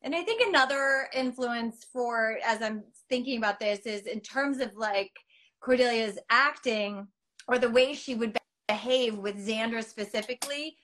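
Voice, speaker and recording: A middle-aged woman, appearing as a guest actress in a video-call interview, chats casually in an animated, self-mocking way with plenty of fillers. Her voice is a little high and her pace moderate, and the recording is low quality.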